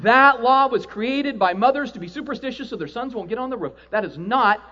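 A man preaching a sermon to a live audience, animated, acting out quoted voices and often asking "right?". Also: very high voice, a little fast, muffled recording. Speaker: pastor.

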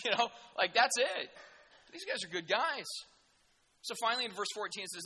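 A male preacher delivering a sermon in an animated, jokey, conversational way. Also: very high voice, brisk, slightly rough, big-room sound.

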